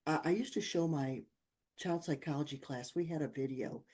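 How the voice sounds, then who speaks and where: A woman's voice: moderate pace, husky. An older woman, a guest on a talk show, telling personal stories in casual chat, acting out the voices of people in them and laughing often. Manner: animated, acts out dialogue with big pitch jumps, laughs often. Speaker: podcast guest, author.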